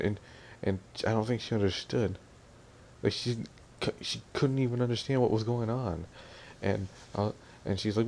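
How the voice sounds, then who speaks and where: A young man with a very low, gravelly voice rants into his audio vlog, irritated and sarcastic. He imitates his family in quoted lines. Faint hiss sits behind him. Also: moderate pace, a little mellow. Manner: annoyed, ranting, mimics family in quotes. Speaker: vlogger.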